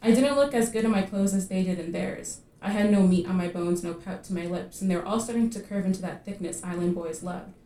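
A woman reading her own fiction aloud at a live literary reading, measured and vivid in her storytelling. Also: lowish voice, warm tone, far from the mic. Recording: echoey room at a live reading.

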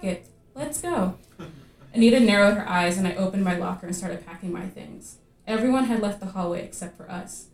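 A woman reading her own fiction aloud at a live literary reading, measured and vivid in her storytelling. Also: medium pitch, a little mellow, recorded from a distance. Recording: echoey room at a live reading.

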